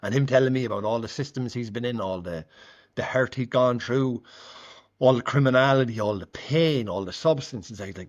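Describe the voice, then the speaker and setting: A man's voice: mid-range voice, a little fast, lo-fi sound. Candid man telling his story. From Ireland. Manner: candid, frequent "like" fillers, acts out quoted dialogue. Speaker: guest sharing recovery story. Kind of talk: conversational storytelling.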